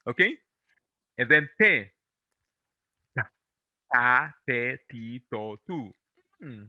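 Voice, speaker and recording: A man from America, teaching pronunciation in English, patiently drilling syllables and gently encouraging. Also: medium pitch, animated, no room sound, dull audio. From Latin America. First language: Spanish. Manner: patient, drills syllables slowly and repeats them; encouraging, gently corrects and reassures. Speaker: Spanish teacher. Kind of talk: online pronunciation lesson.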